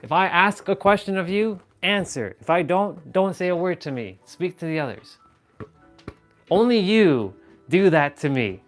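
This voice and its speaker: A man's voice: high-pitched, animated, a little slow, soft background music. A young man hosting a casual livestream, rambling in an exasperated way with frequent laughs and offhand swearing. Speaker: livestream host.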